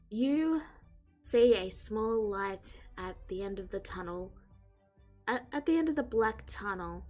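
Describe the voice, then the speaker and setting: A woman runs a tabletop game as game master, describing scenes and pausing often to find her words. Her voice sits a little high. Faint music plays underneath.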